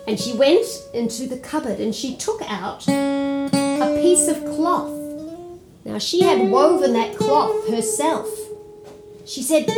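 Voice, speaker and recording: A woman telling a folk tale to children, expressive and at times sing-song. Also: high voice, slow, loud music behind the voice. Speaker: storyteller. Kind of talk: storytelling for children.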